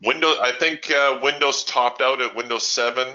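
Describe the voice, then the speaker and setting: A man's voice: mid-range voice, steady tone, normal speed, pushed and bright, lo-fi sound. A man hosting a live trading webinar, chatting casually and with strong opinions as he answers viewer questions, laughing easily.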